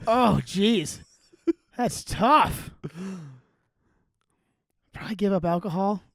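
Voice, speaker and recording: A man's voice: high voice, slow pace, vocal fry, a bit bright, no echo, clean studio sound. A man co-hosting a comedy podcast in casual chat, joking and laughing often. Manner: joking, laughs often, does silly voices.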